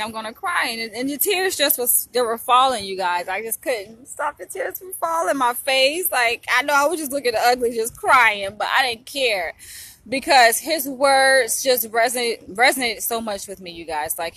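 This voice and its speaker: Bright-voiced young woman vlogging. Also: a little high, no echo. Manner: emotional, chatty, addresses viewers directly. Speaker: vlogger, psychology trainee. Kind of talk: casual chat to camera.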